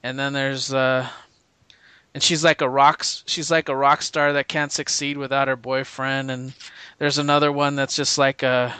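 A man chats with enthusiasm, tripping over restarts and breaking into laughter as he talks. His voice is bright and crisp, slightly higher than most men's, and sounds close and dry. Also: level tone, moderate pace, no echo. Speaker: podcast co-host. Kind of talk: casual chat.

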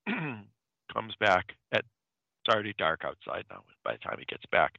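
A man's voice: fairly low pitch, normal speed, gravelly, no echo. A man casually retelling a horror comic story, rambling with many fillers and restarts. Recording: dull dry lo-fi sound.

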